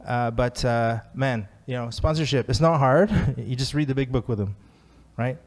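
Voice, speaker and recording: A man's voice: medium pitch, normal speed. Chatty self-mocking man telling his story. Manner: chatty and self-deprecating, laughing often. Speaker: recovery speaker sharing his story. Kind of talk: personal story at a recovery talk.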